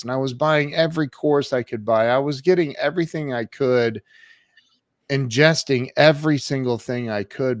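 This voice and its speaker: This is a man in his fifties with a mid-range voice, appearing as a podcast guest to tell his life story. He sounds lively and conversational, with many restarts and fillers, and the studio-quality recording has no room sound.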